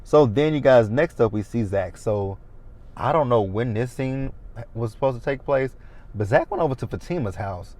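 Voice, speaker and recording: A man's voice: mid-range voice, lively intonation, normal speed, a little mellow. A man in his thirties recapping a TV episode in a casual, blunt and opinionated way. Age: 30s. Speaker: TV recap host.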